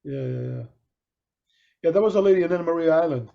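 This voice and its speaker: A gravelly, slightly high voice belongs to a middle-aged man co-hosting a podcast, who talks fast as he relates a long anecdote casually. He performs the voices of the people in it and restarts frequently. The recording is dull and lo-fi.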